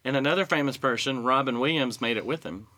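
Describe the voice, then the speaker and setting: A man recounting a story in an easygoing, conversational way. His voice sounds bright and forward, and he clears his throat now and then as he goes. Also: mid-range voice, fast. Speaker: podcast co-host telling a story. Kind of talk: casual chat.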